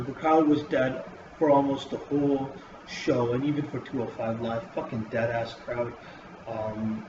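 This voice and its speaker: Profane, rambling man reviewing wrestling. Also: mid-range voice. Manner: profane, rambling, full of fillers. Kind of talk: casual review vlog. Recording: roomy dull lo-fi with hiss.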